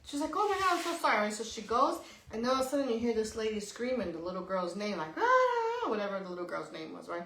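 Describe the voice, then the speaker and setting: A middle-aged woman co-hosting a podcast, telling a story in a lively, casual way, swearing freely and tagging "right?" onto her sentences. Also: mid-range voice, quick pace, vocal fry. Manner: animated, swears freely, says "right?" often. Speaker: podcast co-host. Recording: echoey room.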